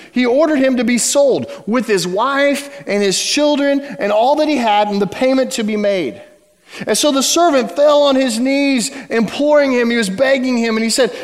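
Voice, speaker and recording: A man preaching a sermon to his church, telling a story with dramatic shifts between loud emphasis and hushed words. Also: very high-pitched, big-room sound. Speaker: pastor. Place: church sanctuary.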